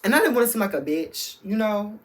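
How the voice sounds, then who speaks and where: A man's voice: high-pitched, big pitch swings, a little fast, a bit bright. Sassy campy man telling a story. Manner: campy, sassy, full of slang and frank talk to the audience. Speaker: storytime vlogger. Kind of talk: candid storytime chat.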